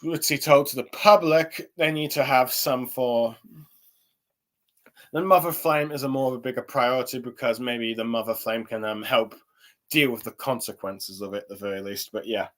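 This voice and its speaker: A man's voice: mid-range voice, normal speed, fairly bright tone. A young man giving a casual spoken review, rambling with lots of fillers and restarts. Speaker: anime and manga reviewer.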